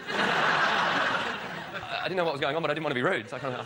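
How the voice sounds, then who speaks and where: A man's voice: on the high side, animated, moderate pace. An Australian man doing a rambling stand-up routine as a comedy panellist. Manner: rambling, self-interrupting joke-telling. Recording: noisy studio with audience.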